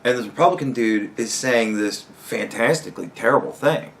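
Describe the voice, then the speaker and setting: A young man hosting a podcast, ranting heatedly with constant swearing and rising to shouts. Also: medium pitch, normal speed. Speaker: podcast host. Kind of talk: profane rant commentary.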